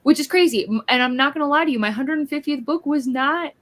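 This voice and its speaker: A woman's voice: high-pitched, fast. Chatty woman hosting a reading stream. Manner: chatty, reads out chat greetings. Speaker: livestream host. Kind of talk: casual chat. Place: in bed at home.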